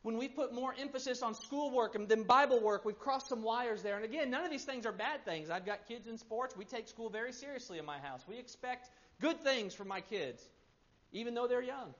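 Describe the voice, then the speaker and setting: A pastor in his thirties preaching a sermon, swinging between loud emphasis and hushed, quiet stretches. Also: very high-pitched, expressive, fairly quick. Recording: muffled lo-fi sermon recording.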